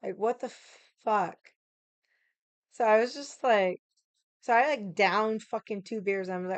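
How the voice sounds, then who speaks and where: A woman's voice: mid-range voice, a little slow, pauses often, no echo. A woman livestreaming from home, casually telling a story to her chat, full of fillers and swearing. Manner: chatty, swears a lot, many fillers. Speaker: livestream host. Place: home room.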